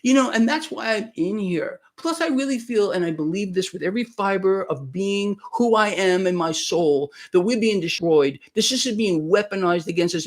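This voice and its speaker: A man's voice: high voice, animated, normal speed, few pauses. A man hosting a casual livestream chat, emphatic and repetitive, with frequent stammering restarts. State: sweating. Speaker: livestream host. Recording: speaking to a live stream.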